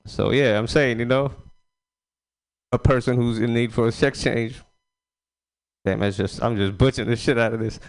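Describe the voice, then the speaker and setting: Smooth-voiced male stand-up comic. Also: mid-range voice, steady tone, moderate pace, pauses often. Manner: loose, rambling, crude punchlines. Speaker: stand-up comedian. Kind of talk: stand-up set.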